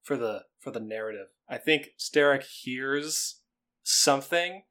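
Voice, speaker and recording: A man at a tabletop game with a bright, sharp tone, talking playfully. His pitch is mid-range. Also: measured pace. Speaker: player. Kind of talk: casual tabletop play.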